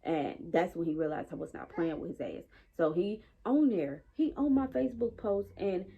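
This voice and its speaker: A woman telling a story casually while working out, animated and exasperated as she acts out her own side of conversations. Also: fairly low pitch, moderate pace, phone-quality sound, a little hiss or hum.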